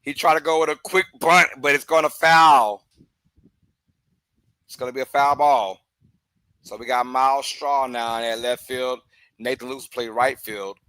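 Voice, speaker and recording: Excitable bright-voiced man calling a game. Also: measured pace, pauses often, clean tone, no echo, rough recording. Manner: excitable, breaks into loud outbursts and laughter; chatty, drifts into side talk between pitches. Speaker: host of a live game watch-along stream. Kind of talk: casual live play-by-play commentary.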